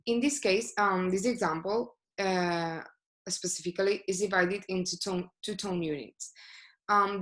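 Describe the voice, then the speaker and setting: A woman's voice: medium pitch, steady tone, a little slow. A woman giving a class presentation as a student, speaking hesitantly with many filler sounds.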